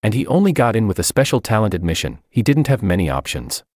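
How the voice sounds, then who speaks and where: A man's voice: lowish voice, sing-song, fast talker, darkish tone, no room sound, clean studio sound. A man voicing a flustered young woman who rambles nervous excuses. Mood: frantic.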